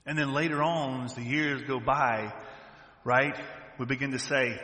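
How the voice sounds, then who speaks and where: Bright-voiced Southern preacher in an echoey hall. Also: male voice, medium pitch, normal speed, long pauses. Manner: animated, swings from loud to hushed. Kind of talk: sermon.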